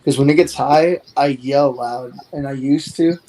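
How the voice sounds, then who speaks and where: A man's voice: medium pitch, normal speed, background noise. A man in his forties, a guest on the show, talking in a rambling, earnest way that often trails off. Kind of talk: casual chat.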